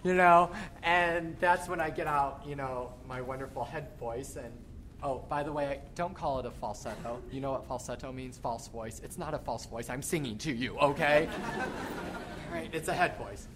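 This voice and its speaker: Animated male choir director teaching. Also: mid-range voice, moderate pace, noisy background. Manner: animated, demonstrates by singing phrases. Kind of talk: choral workshop teaching.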